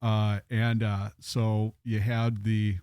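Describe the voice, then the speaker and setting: A man's voice: on the low side, level tone, takes it slowly, darkish tone, clear, resonant tone, dry recording. Male co-host, casual storyteller, chatty and loose, dry studio mic. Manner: rambling storyteller, many fillers. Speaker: podcast co-host. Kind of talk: casual chat.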